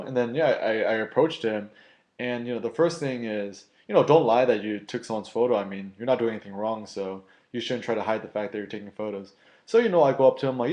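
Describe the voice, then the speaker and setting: A man's voice: mid-range voice, brisk. Chatty young man telling a story. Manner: chatty, filler-heavy, animated when quoting others. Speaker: street photography blogger. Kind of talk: casual storytelling to camera.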